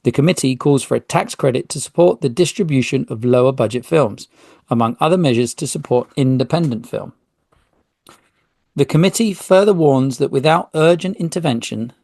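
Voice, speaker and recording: A man's voice: medium pitch, creaky, a little mellow, no echo, studio quality. A man hosting a solo podcast, talking casually and reading an article aloud with small slips. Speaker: podcast host.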